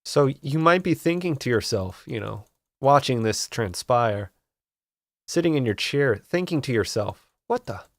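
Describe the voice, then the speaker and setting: A man's voice: medium pitch, lively intonation, a little slow, no echo, clean studio sound. A man hosting a casual comedic art tutorial, rambling and mock-serious, swearing in frustration at his equipment.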